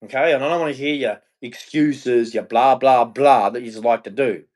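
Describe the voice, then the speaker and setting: A man's voice: mid-range voice, normal speed. Angry man ranting. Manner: heated, profane, preachy, swings between shouting and muttering. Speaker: vlogger. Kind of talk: angry solo rant.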